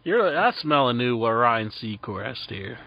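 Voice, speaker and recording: A man's voice: mid-range voice, sing-song, slow pace, gravelly, no room sound. Teasing co-host man, lo-fi. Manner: teasing, laughs along. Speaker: radio show co-host. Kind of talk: casual talk radio banter. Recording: dull lo-fi sound.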